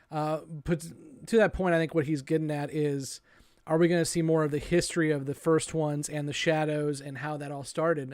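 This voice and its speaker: A man's voice: fairly high pitch, dry recording, studio quality. A man hosting a casual podcast chat, reading listener questions and thinking aloud with some hesitation. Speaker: podcast host.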